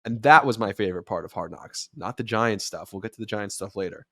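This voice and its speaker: A man hosting a show, talking sports in a casual, animated way and rising to near-shouts when he acts out quotes. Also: fairly low pitch, fairly quick, no echo, clean studio sound. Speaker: podcast host and sports radio commentator.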